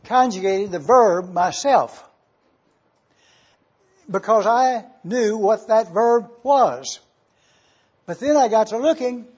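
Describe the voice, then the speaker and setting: Slow, husky high-voiced preacher. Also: male voice, lo-fi sound. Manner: teaching, emphatic with sudden excited outbursts. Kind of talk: sermon.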